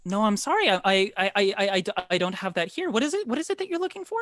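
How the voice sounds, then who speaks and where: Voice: mid-range voice, sing-song, fast talker, fairly bright tone, no echo, pitched above the performer's own voice. The game master voicing a nervous, apologetic baker woman in her fifties who stammers and keeps saying sorry over a video call. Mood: fussing.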